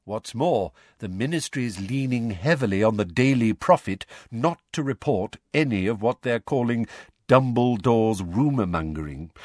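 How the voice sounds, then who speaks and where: A weary, thoughtful man in middle age, calm and measured as he explains, his voice moving lively up and down, as a narrator plays him. It is read close and dry, like a storybook. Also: medium pitch, no room sound, lightly acted.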